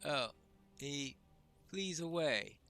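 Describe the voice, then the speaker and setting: A man's voice: a little high, lively intonation, very slow, creaky, sharp tone, no echo, soft background music. A man giving casual let's-play commentary, chatting wryly to himself as he plays. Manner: chatty, wry asides to himself. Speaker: gamer.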